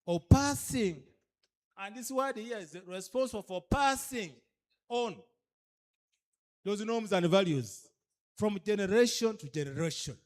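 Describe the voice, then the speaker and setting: A Ugandan-accented man delivers a training lecture in a voice pitched a little high. He is emphatic and keeps pressing his listeners with one rhetorical question after another. He moves easily between English and a local language. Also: expressive, a little slow, pauses often, a little mellow. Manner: emphatic, fires repeated rhetorical questions at the audience. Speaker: speaker at a cultural leaders' orientation.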